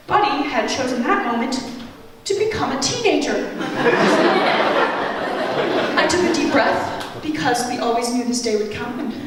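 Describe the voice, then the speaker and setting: A woman doing stand-up comedy, telling a story in an animated way and jumping into high voices for quotes. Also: unhurried. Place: comedy venue stage. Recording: roomy hall, distant mic, audible noise.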